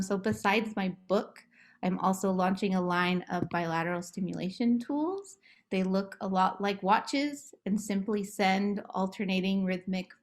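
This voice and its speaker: Slow, gentle woman guiding relaxation. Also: medium pitch. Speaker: play therapist. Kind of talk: guided relaxation script for children.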